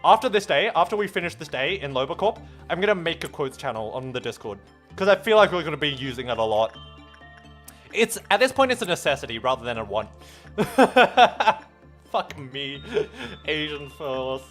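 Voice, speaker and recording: Stammering high-voiced guy streaming. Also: big pitch swings, normal speed, fairly bright tone, soft background music. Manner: stammering, restarts words often; swears freely and laughs at himself. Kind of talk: casual live-stream chat while gaming.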